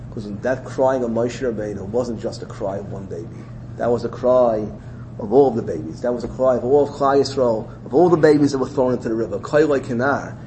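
A man's voice: mid-range voice, a little mellow, slight background noise, poor audio. A man with a Yeshivish English accent giving a Torah lecture, telling a story in a sing-song learning cadence that rises and drops. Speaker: rabbi teaching Torah.

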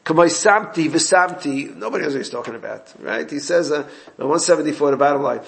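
A man's voice: medium pitch, quick pace, vocal fry. A man giving an informal Torah class, explaining a text and recounting exchanges with his students. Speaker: Torah teacher.

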